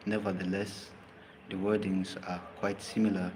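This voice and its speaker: A man's voice: sits low, level tone, normal speed, long reverb tail, noisy background. A man teaching a language lesson, hesitant with many fillers, spelling words out letter by letter. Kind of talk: live language lesson talk.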